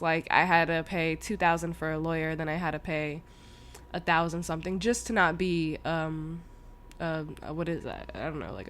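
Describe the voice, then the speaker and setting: Young woman host, lowish voice, animated and slangy storytelling, swears a lot. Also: a little hiss or hum. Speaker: podcast host. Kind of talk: casual storytelling monologue.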